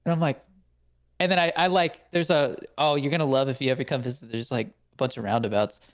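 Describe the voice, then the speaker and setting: A man's voice: mid-range voice, brisk. A young man co-hosting a podcast, telling stories in a casual chat, laughing often, swearing and acting out quotes. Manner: animated storyteller, laughs a lot, swears, acts out quotes. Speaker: podcast co-host.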